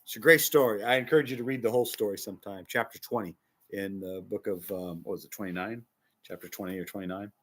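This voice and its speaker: A man preaches a casual sermon in a bright, forceful voice pitched at an ordinary middle height. He leans hard on key words, then drops into quiet, hushed asides. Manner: emphatic, swings between loud and hushed. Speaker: bishop.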